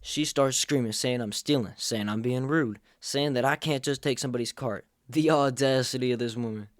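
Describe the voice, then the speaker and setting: A man's voice: mid-range voice, moderate pace, no room sound, studio quality. A young man hosting a comedic storytime vlog, telling it with sarcastic jokes. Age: young adult. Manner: sarcastic, jokey. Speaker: storyteller host.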